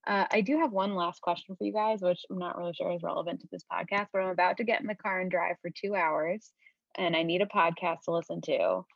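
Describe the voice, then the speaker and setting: A woman's voice: lowish voice, creaky, no echo, lo-fi sound. A woman hosting a tech podcast in a casual, playful way as she wraps up the episode. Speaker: podcast host.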